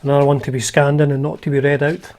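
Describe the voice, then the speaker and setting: A man's voice: fairly high pitch, flat delivery, quick pace, darkish tone. Chatty man leafing through old magazines. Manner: chatty and wry, with many fillers and restarts. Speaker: guitar channel host. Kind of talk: casual talk, showing old magazines.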